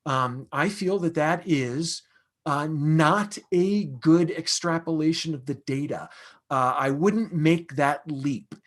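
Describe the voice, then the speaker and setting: A man with a somewhat high voice talks through astronomy questions in a relaxed lecture style. He explains things conversationally, often pausing on fillers and restarting his sentences as he thinks aloud. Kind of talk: casual lecture question-and-answer.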